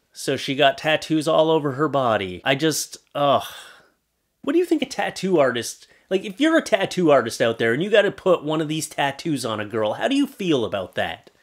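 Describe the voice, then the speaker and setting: A man's voice: on the high side, big pitch swings, normal speed, a bit bright. A man doing comedic commentary on pictures, sarcastic and wisecracking, swearing casually as he roasts what he sees. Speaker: YouTube commentator.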